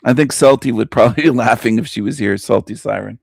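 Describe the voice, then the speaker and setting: A man's voice: medium pitch, fast talker, creaky, a little mellow, husky, no room sound. Emphatic male radio host, dry sound. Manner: emphatic, repeats himself, chuckles between lines. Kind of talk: opinionated monologue.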